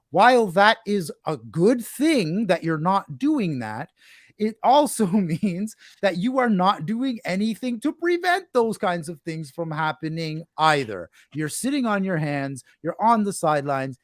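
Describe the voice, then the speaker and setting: Higher-voiced man posing rhetorical questions. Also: no echo, clean studio sound. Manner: discursive, builds points with rhetorical questions. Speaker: panelist. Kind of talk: panel discussion.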